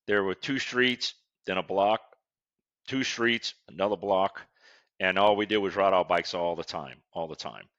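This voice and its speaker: A man's voice: sits low, unhurried, a bit bright, dry recording, dull audio. A man, hosting a podcast and telling stories between laughs. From Westbank of New Orleans. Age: 60s. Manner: storytelling, laughs often. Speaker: podcast host. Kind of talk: casual interview chat.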